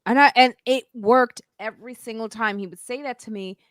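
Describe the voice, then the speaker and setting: A woman hosting a podcast, telling stories in casual chat and acting out quotes loudly. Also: a little high, fairly quick, no echo, studio quality. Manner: animated storyteller, acts out quotes loudly. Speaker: podcast host.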